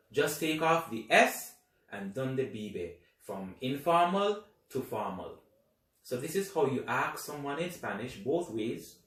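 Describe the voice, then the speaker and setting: Man, language teacher, very slow speech, patient drilling of phrases, roomy echo, mic at a distance. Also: medium pitch. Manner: slow, deliberate, repeats phrases for practice. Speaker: Spanish teacher. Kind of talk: slow lesson narration. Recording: echoey room, voice a bit far from the mic.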